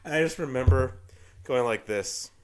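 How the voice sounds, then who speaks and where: A man's voice: medium pitch, normal speed. A man co-hosting a podcast, telling stories animatedly and acting out scenes. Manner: animated, acts out scenes, laughs. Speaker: podcast co-host. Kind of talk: casual podcast storytelling.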